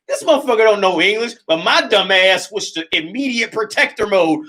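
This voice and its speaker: He speaks in a high-pitched, sing-song way, fairly quickly, sounding pushed and bright. This male livestream host is telling a story from his small apartment on a casual stream, swearing and laughing frequently, with a hand-held phone or camera filming.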